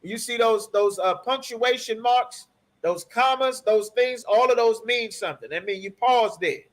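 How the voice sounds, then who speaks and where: A man's voice: extremely high pitch, unhurried. A man leading a bible study class, emphatic, repeating key phrases and checking in with listeners. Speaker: scripture class teacher.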